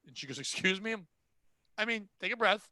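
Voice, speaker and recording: A man with a high, bright voice tells a story from his retail job in a casual, blunt, sarcastic way. He acts out the customers and coworkers as he goes. The sound is dry, close and free of room echo. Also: a little fast. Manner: animated, acts out the people in his stories. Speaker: podcast host telling a retail story.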